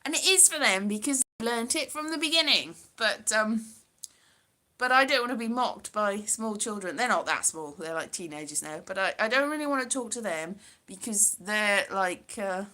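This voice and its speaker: A woman's voice: mid-range voice, animated, normal speed, sharp tone. A woman from Wales talking casually to camera in a rambling, self-deprecating vlog, full of fillers and restarts. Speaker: vlogger. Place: home, London.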